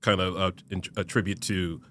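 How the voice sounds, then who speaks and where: A man in his fifties, a podcast guest talking in a measured, reflective way, his phrases trailing off softly. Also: deep voice, little pitch movement, a little hiss or hum. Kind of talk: casual conversation.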